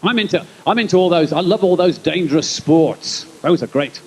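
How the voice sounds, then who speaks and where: A man in his forties with a Birmingham accent doing live stand-up at an outdoor concert. He chats and rambles to the audience, with quick punchlines. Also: on the high side, animated, breathy edge, poor audio. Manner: chatty, rambling asides to the crowd, quick punchlines. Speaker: stand-up comedian and concert compere. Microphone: stage microphone over a PA.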